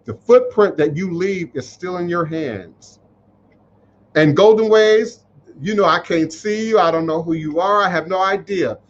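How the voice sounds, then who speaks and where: A man's voice: sits high, a little slow. Emotional preachy man on a muffled livestream. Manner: emotional, preachy, repeats phrases for emphasis. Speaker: spiritual teacher hosting a live stream. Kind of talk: live-stream talk reading viewer comments.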